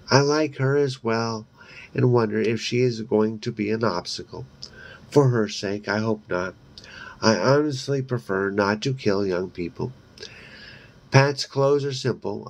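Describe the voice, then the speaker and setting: Slow, gravelly male reader. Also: on the low side. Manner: slow, deliberate reading with brief asides. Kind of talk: reading a horror novel aloud.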